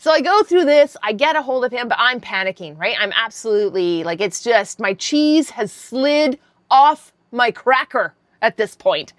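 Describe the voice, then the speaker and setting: A woman in her fifties tells a story straight to camera in a voice set a little on the high side. Her delivery is animated and candid, with casual swearing. The sound is close and dry. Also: moderate pace, few pauses, no room sound. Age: 50s. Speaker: vlogger.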